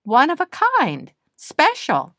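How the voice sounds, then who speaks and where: A kindly old nandu grandmother, as a woman reading a picture book puts her on, speaking slowly with a gentle, firm, no-nonsense touch. Her voice rises and falls in a lively way. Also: high-pitched, no room sound, clean studio sound, voice pushed up, heavily acted. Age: older. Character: calm elderly grandmother nandu bird. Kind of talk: storybook reading.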